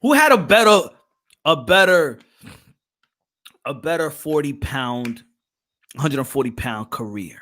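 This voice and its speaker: A man's voice: fairly high pitch, expressive, a little slow, pauses often, sharp tone. A man hosting a casual boxing livestream, reading out chat and posing rhetorical questions, often repeating himself. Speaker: boxing show host.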